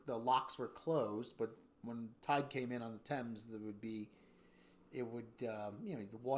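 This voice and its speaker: A man's voice: medium pitch, a little mellow. An American man hosting a livestream, chatting casually and reading viewer comments, rambling with restarts and putting on silly voices. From United States. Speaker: livestream host.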